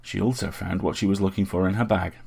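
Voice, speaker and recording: A man narrating a fantasy story aloud in a steady, measured way. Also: low voice, gravelly, breathy edge. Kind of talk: audiobook narration.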